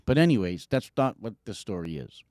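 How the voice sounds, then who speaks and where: A middle-aged man, a podcast co-host, telling a long story in casual chat, profane and animated, acting out what people said. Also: lowish voice, a little fast, no room sound, clean studio sound. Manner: animated, profane, acts out quotes.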